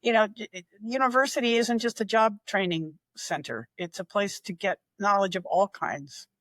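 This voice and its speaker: A podcast guest presenting a history segment, telling stories in an animated way and chuckling often. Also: medium pitch, moderate pace, no echo. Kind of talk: casual storytelling chat.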